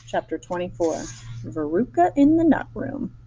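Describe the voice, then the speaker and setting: A woman reading a children's chapter book aloud, lively, with small slips and restarts. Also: fairly low pitch, normal speed, lo-fi sound, a little hiss or hum. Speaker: storyteller.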